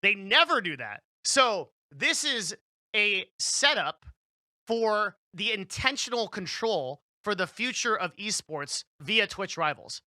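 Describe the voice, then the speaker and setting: A man's voice: sits high, sing-song, takes it slowly, sharp tone, no room sound. A young man giving casual commentary, rambling with many restarts and fillers.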